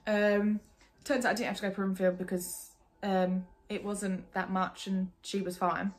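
A woman's voice: mid-range voice, a little slow. A young woman from England telling a personal story in a casual, candid way, full of "like". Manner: chatty, lots of "like", candid and animated. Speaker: vlogger.

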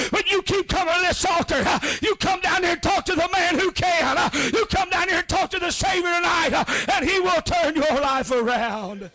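A man's voice: very high voice, pushed and bright. A man preaching a sermon, punctuating each phrase with "uh" and "amen" in a rhythmic chant. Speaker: pastor. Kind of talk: shouted revival sermon.

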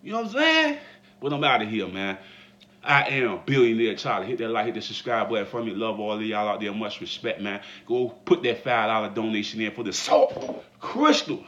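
A man giving a comedic commentary vlog, laughing and breaking into mock shouts. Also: fairly low pitch, sing-song, a little fast, muffled recording. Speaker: vlogger.

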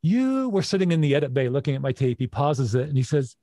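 A man's voice: medium pitch, sing-song, moderate pace, warm tone, dry recording, clean studio sound. A middle-aged man hosting an interview in a casual, reflective way, laughing often. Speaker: podcast host.

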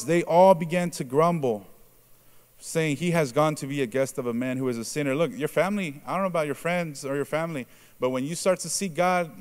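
A man preaching a sermon in a conversational way, asking the congregation questions and adding "right?" to his points. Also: clear, resonant tone. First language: Spanish. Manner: acts out quoted reactions in a lowered voice.

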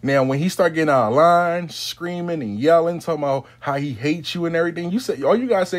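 A man's voice: on the high side, fast, few pauses. A man in a casual monologue, advising clients as a spiritual adviser in a profane, rambling, slangy way.

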